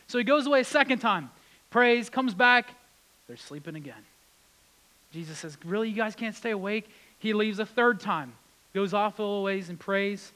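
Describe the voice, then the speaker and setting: Male pastor, bright tense voice, high pitch, animated delivery. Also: moderate pace, rough recording. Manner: animated, acts out quotes with rising intensity. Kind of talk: sermon.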